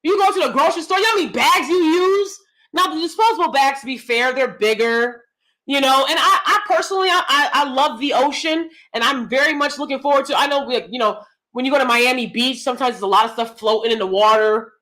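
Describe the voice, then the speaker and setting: Woman, high and lively, casual rant, crisp tone; acts out the dialogue, exasperated restarts. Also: fast talker. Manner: animated storytelling, acting out both sides of a dialogue; exasperated, repeats words and restarts. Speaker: speaker telling a personal story. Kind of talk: casual ranting monologue.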